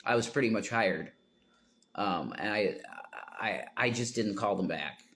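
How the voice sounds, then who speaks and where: A man's voice: fairly low pitch, unhurried, a bit bright, slight background noise. A man talking to viewers on his livestream in a rambling, tangent-prone way, breaking into emphatic outbursts.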